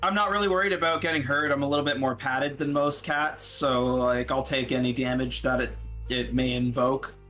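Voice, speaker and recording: A man's voice: mid-range voice, fairly even intonation, fairly quick, bright, forceful tone, soft background music. A man playing in a tabletop role-playing game, describing his character's actions hesitantly with stammers and fillers. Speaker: player. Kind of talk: tabletop role-play chat.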